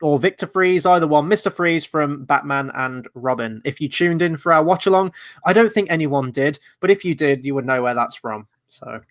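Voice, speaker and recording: A man's voice: fairly high pitch, normal speed, a bit bright. A man co-hosting a film quiz, rambling and joking as he talks. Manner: rambling, jokey. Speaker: quiz co-host. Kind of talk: casual quiz chat.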